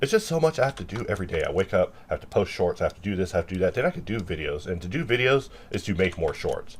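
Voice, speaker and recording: A man chatting casually and rambling while he works, self-mocking, sometimes bursting into loud mock-angry lines. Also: deep voice, very animated, very fast, a little hiss or hum.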